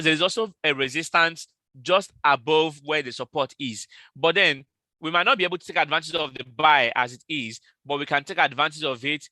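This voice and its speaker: Bright-voiced man calling trades live. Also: a little high, dry recording. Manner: repetitive, calls out trade levels slowly and repeats them. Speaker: live trading host. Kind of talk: live market analysis stream.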